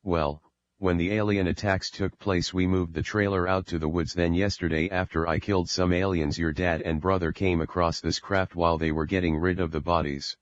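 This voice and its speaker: A man voicing a calm, comforting middle-aged mother in an audiobook, in a steady low voice on a dull recording. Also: moderate pace, close to an everyday voice. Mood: reassuring.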